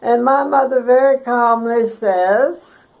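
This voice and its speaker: A woman's voice: on the high side, slow, vocal fry, low-quality recording. A woman, telling a childhood story for an oral history recording in a folksy, chuckling way. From Texas.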